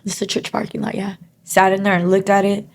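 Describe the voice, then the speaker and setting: An earnest woman telling her own story as an interview guest, in a mid-pitched voice. Her talk stops and starts, padded with "you know" and "like" as she works through each thought. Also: flat delivery, gravelly, slight background noise. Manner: halting, full of 'you know' and 'like' fillers; earnest and emotionally open. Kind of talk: candid personal faith testimony.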